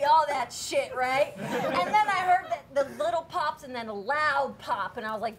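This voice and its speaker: Brash high-voiced woman doing crude stand-up. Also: animated, moderate pace, over a noisy crowd. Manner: brash, crude, laughing through punchlines. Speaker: comedian.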